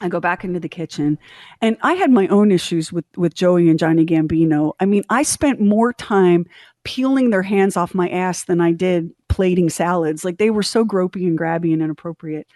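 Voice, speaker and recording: A middle-aged woman co-hosting a podcast, telling a story in candid, animated casual chat and acting out the quotes. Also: fairly low pitch, normal speed, no echo, studio quality. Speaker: podcast co-host.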